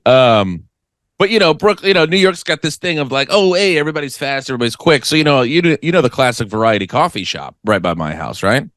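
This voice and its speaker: A man's voice: medium pitch, fast talker, no room sound. A man co-hosting a comedy podcast, telling stories in a casual chat and acting out other people's voices. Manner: animated storyteller who acts out other people's voices. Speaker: podcast co-host. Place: lives in New York.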